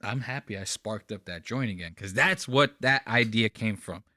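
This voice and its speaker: A man hosting a podcast, reacting to clips in casual commentary, excitable and swearing freely. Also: fairly low pitch, normal speed, slight background noise. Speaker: podcast host.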